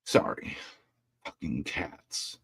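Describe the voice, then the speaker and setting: A man's voice: very slow, a bit bright, dry recording, studio quality. A man hosting a casual livestream, talking bluntly and ranting with plenty of profanity. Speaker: livestream host.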